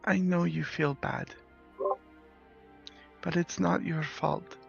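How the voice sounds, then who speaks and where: A man voicing a small gentle young girl who softly and hesitantly comforts a friend. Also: a little high, fairly even intonation, takes it slowly, creaky, voice pushed up, heavily acted. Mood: tender. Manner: soft, hesitant and tender. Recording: slightly dull, lo-fi with faint music.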